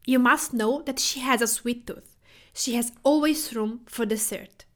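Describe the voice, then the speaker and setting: A woman from Tuscany with an Italian accent, hosting a cooking podcast in a measured, scripted narration. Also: on the high side. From Tuscany, Italy. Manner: measured, list-like delivery with Italian food terms. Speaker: podcast host.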